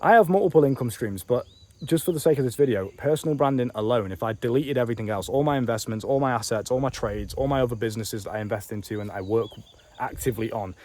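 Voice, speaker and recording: A man talks quickly and bluntly, coaching the listener in a casual vlog recorded outdoors. His speech is profane and full of slang, and he addresses the listener directly. Insects and crickets chirp behind him. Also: medium pitch, darkish tone. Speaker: online business coach. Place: outdoors on a bench in a warm country.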